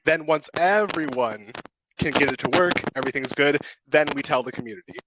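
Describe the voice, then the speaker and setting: A man who coordinates a blockchain, explaining his team's process in relaxed casual podcast chat. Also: on the high side, fairly quick, dull audio, very noisy. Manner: explanatory, relaxed, says right a lot.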